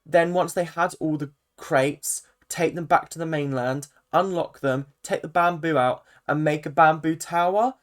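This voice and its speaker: A vlogger giving a casual, chatty recap of a reality show, full of fillers and animated asides. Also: medium pitch, measured pace, hardly any pauses. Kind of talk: casual commentary.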